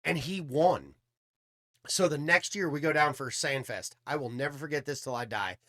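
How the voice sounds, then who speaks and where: A man's voice: a little high, moderate pace. A man casually telling a long story, cursing freely and acting out what people said. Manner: swearing, animated storytelling with quoted dialogue. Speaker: podcast guest storyteller.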